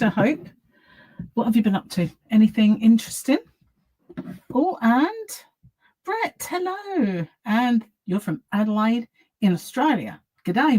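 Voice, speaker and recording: A woman's voice: lowish voice, darkish tone, rough recording. A woman chatting casually on her live stream from home, greeting viewers by name and rambling about her day.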